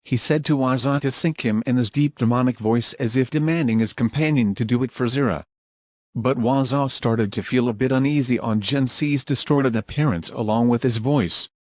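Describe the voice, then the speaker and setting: A man reads scripted narration in a plain, even way, at a middle pitch. The sound is dry and close, with no room around it. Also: moderate pace, no echo. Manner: plain, even recounting of scenes.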